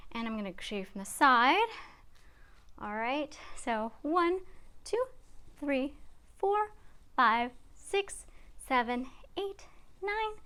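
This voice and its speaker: A woman's voice: on the high side, a bit bright, clear, resonant tone. A woman fitness instructor guiding a beginner workout, counting reps aloud and a little out of breath. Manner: encouraging, counts reps aloud while exercising.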